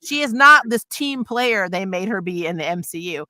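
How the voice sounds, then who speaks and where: A woman co-hosting a casual podcast chat about comics and films, animated and quick with laughs and asides. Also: mid-range voice, dry recording, clean studio sound. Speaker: podcast co-host.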